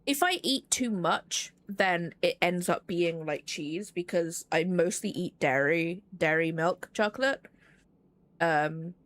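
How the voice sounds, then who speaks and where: A woman's voice: mid-range voice, a bit bright. A woman streaming a puzzle game, chatting casually and poking fun at herself as she plays. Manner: chatty, self-deprecating, rambling with fillers. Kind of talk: casual gameplay commentary.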